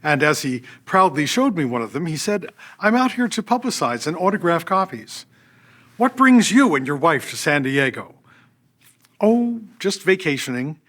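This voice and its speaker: A man's voice: a little high, moderate pace. An older man, an orchestra's artistic director, narrating personal stories from a script and acting out what people said. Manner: animated, acts out quoted voices.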